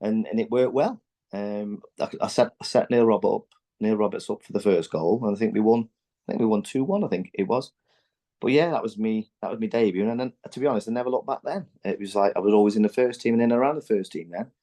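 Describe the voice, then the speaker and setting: A man in his forties with a low, mellow voice recounts old football days on a podcast. He talks loosely, piles on fillers and restarts, and slips into lively impressions of teammates. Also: quick pace. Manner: animated, acts out quotes from teammates. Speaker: former footballer guest. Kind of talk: candid podcast storytelling.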